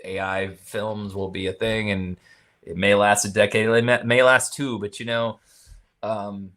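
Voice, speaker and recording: A man from Maryland, a guest filmmaker in a casual podcast chat, talking in a rambling, soft-spoken way that trails off. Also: on the low side, flat delivery, unhurried. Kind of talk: casual conversation.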